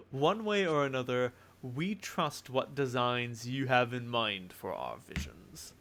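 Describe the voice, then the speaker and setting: A man voicing a suave, cryptic male schemer in a tabletop game, with a smooth, knowing delivery. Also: mid-range voice, expressive, slow, fairly bright tone. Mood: assured.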